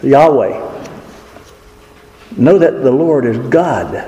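A man preaching a sermon in an earnest, emphatic way, leaning slowly on key words. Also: on the high side, lively intonation, warm tone. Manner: earnest, emphatic, with slow drawn-out stresses. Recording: echoey hall with faint noise.

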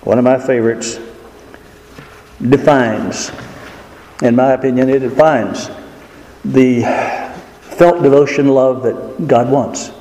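A man preaching a sermon in an earnest, emphatic way, leaning slowly on key words. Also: mid-range voice, mellow. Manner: earnest, emphatic, with slow drawn-out stresses. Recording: echoey hall with faint noise.

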